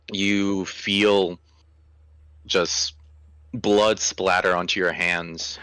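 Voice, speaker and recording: A man narrating a horror tabletop game as game master, with slow, deliberate, vivid description. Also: deep voice, sharp tone, smooth, no echo.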